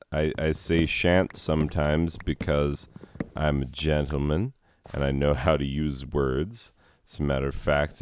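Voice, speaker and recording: A man's voice: a bass voice, slight background noise. A man hosting a casual vlog outdoors in a forest, rambling with jokey, sarcastic asides. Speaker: host.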